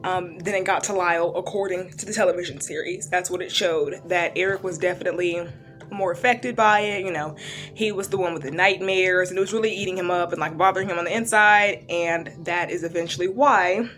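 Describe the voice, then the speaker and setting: A woman with a slightly low voice talks through a true-crime series in a relaxed, rambling manner. She leans on "um" and "like" as she goes, and soft music plays faintly behind her. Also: brisk. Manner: chatty, loose, lots of fillers and "like". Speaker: true-crime reaction vlogger. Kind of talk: casual retelling of a TV series.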